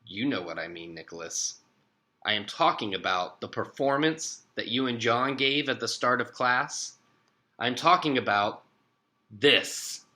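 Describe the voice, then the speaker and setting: A man's voice: mid-range voice, lively intonation, pushed and bright. A man voicing a strict, firm woman teacher in a children's book he reads aloud. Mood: stern. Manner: stern, measured. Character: strict older female teacher, firm and cool.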